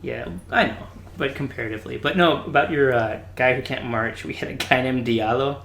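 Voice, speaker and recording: A man telling lively stories in a casual chat, acting out quotes between laughs. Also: medium pitch, brisk, gravelly. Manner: animated, acts out quotes with laughter. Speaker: podcast guest. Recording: roomy with faint background hiss.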